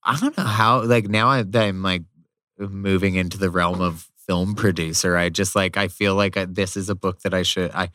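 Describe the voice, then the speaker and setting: Halting man chatting on a podcast. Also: deep voice, fairly even intonation, bright, forceful tone, no room sound, clean studio sound. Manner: halting, full of fillers and restarts. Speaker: podcast guest, filmmaker. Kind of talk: casual podcast chat.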